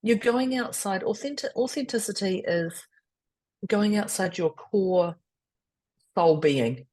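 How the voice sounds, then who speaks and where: A woman chatting playfully on a podcast, animated and laughing a lot. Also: medium pitch, slow pace. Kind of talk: casual podcast chat.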